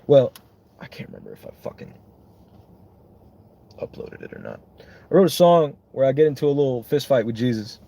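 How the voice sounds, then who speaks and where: A man's voice: medium pitch, wildly swooping pitch, moderate pace, gravelly, pauses often, mellow. A young man, a songwriter, chatting casually and rambling on with lots of swearing and self-mocking jokes.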